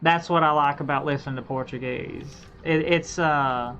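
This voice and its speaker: A woman streamer chatting casually while gaming, halting and repeating herself as she thinks aloud, on a dull lo-fi mic. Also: low-pitched, steady tone, fairly bright tone, soft background music. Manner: halting, repeats and restarts phrases.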